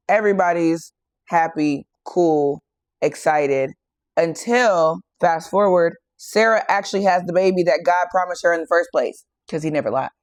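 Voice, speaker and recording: A woman hosting a faith and fitness channel who retells a Bible story in a casual, animated way and acts out the quoted lines. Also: fairly low pitch, no echo, clean studio sound.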